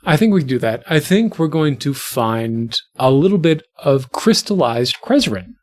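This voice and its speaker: A man's voice: a little high, very animated, normal speed, darkish tone. A young adult man narrating as game master, in a rambling way full of fillers.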